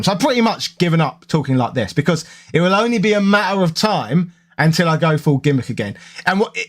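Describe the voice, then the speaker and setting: A man with a London accent, chatting casually and rambling to his viewers. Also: fairly high pitch. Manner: rambling, conversational, self-correcting. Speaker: gaming YouTuber.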